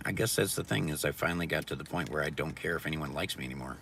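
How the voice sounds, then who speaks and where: A man's voice: very deep voice, rapid-fire, vocal fry, pushed and bright, slight background noise. A man livestreaming a casual, profane rant, talking bluntly and mockingly. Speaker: live streamer. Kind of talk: casual ranting monologue. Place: indoors near a mirror.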